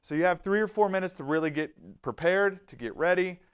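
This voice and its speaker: A man giving a lively, animated safety presentation to a live audience, telling stories and acting out quotes. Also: sits high, brisk, clear, resonant tone. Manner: energetic, animated, storytelling with acted-out quotes. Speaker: safety trainer.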